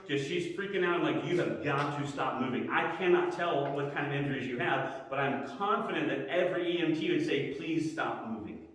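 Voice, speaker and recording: A man preaching a Sunday school lesson, telling a personal story in an animated way and acting out the lines he quotes. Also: on the high side. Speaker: pastor teaching Sunday school. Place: church hall. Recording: echoey hall, mic at a distance.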